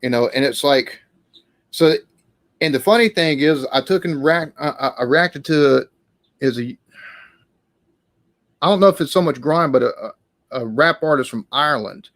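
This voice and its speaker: A man's voice: fairly high pitch, moderate pace, long pauses, fairly bright tone, no room sound. A man hosting a casual live-stream Q&A, talking in a rambling, hesitant way with many restarts.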